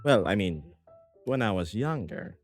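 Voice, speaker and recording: A young man streaming from his small apartment, chatting casually with viewers and reading their comments aloud in a lively, self-deprecating way. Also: fairly low pitch, measured pace, soft background music. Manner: animated, self-deprecating, reads chat aloud. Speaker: VTuber streamer. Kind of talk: casual livestream chat.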